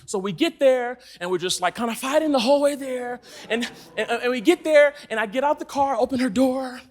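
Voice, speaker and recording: A man's voice: extremely high pitch, fairly quick, hardly any pauses. A man in his thirties from Los Angeles, preaching to a congregation and telling a story with frequent laughter. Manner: animated storytelling, laughing often. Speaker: church speaker. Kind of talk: sermon. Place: church in front of a congregation.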